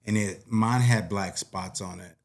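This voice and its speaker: A man with a low voice talks as a guest on a casual podcast. He is laid-back, laughs often, swears, and acts out the people in his stories. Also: steady tone, measured pace. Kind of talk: casual storytelling chat.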